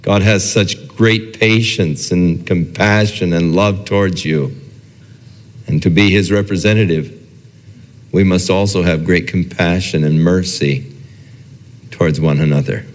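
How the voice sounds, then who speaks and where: Preaching a sermon in a large church hall, a low-voiced pastor speaks a little slowly with a steady tone, his words trailing off in long reverb. He keeps it easygoing and conversational, taking on the voices of the people he quotes.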